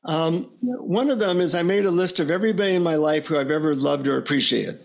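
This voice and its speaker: A man talks as an interview guest over a video call, with a gravelly texture in a slightly raised voice. He tells stories in an animated, relaxed way, often pausing with fillers. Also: a little high. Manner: animated storyteller, relaxed and upbeat. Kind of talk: casual conversational interview.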